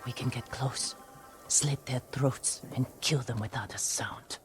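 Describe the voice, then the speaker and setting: An actress playing a tough young peasant thief, blunt and pragmatic, in a game scene. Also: female voice, extremely low pitch, measured pace, whispered. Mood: hushed. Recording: game clip with music behind.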